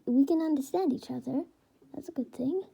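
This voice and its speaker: A woman voicing a calm mother T-Rex with a mild, reassuring manner. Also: high voice, fairly quick, gravelly.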